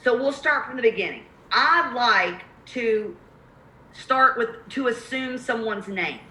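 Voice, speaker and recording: A woman's voice: a little high, expressive, a little slow, pushed and bright, reverberant, low-quality recording. A woman with a Southern accent coaching real estate investors on cold calls in a live webinar, emphatic and repeating her key points.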